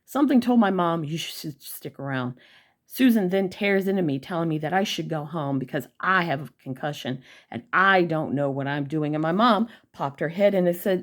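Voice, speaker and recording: A woman's voice: deep voice, moderate pace. Blunt, profane woman ranting. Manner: blunt, profane and heated, addressing viewers directly. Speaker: vlogger. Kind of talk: angry storytime rant.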